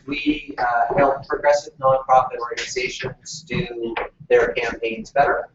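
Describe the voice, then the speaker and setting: A man's voice: medium pitch, huge pitch swings, a little slow, vocal fry, hardly any pauses, music in the background. A man running a workshop, talking casually with lots of fillers and restarts. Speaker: workshop facilitator. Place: meeting room. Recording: echoey room from far off, muffled, noisy.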